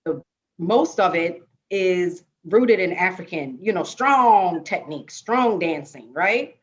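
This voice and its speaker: Jamaican-born woman telling a lively story. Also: fairly low pitch, slow, lo-fi sound. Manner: lively, animated storytelling with many rhetorical "right?"s. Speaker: dance panelist. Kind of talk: casual storytelling on a panel.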